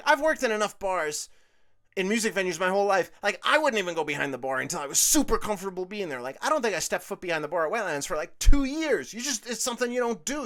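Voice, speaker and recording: A man's voice: high-pitched, a bit bright. A man hosting his own show, telling a long, rambling story in casual chat full of swearing. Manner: profane, chatty storytelling. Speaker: host. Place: indoors at home.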